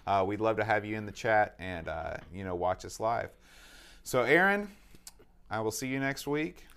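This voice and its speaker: A man's voice: fairly low pitch, animated, normal speed, vocal fry, fairly bright tone, smooth. A man co-hosting a retro gaming podcast in a casual, joking, self-deprecating way. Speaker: podcast co-host. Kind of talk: casual chat.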